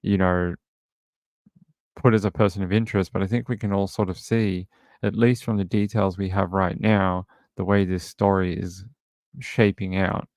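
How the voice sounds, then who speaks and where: Low gravelly guy. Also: flat delivery, normal speed, darkish tone, no room sound, clean studio sound. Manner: rambling, thinks aloud, many restarts. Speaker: true crime livestream host. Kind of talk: casual livestream chat.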